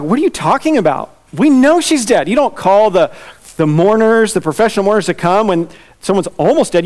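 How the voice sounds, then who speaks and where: A man preaching an expository sermon, earnest, slowing down and softening as he reads scripture aloud. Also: high voice. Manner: earnest, slows down and softens when reading scripture. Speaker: pastor.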